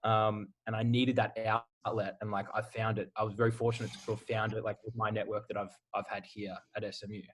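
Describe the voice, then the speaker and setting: Slight background noise sits behind a young Australian man's fairly low voice as he talks a little fast, barely pausing. He's a college football player in his twenties, guesting on a casual podcast and speaking candidly with many "like" fillers.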